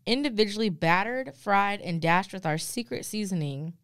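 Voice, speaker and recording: A woman's voice: mid-range voice, lively intonation, moderate pace, a bit bright, clean tone, no echo, clean studio sound. A woman co-hosting a casual podcast, reading fair food descriptions aloud with playful asides and easy laughter. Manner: reads menu blurbs aloud with playful asides, laughs easily. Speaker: podcast co-host.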